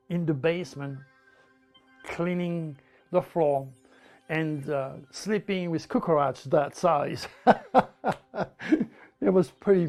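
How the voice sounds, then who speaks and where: Older man with a French accent, high-pitched, telling his story in an animated, emphatic way, with faint music behind him. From France. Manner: animated, emphatic, repeats words. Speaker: interviewee. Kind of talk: storytelling anecdote.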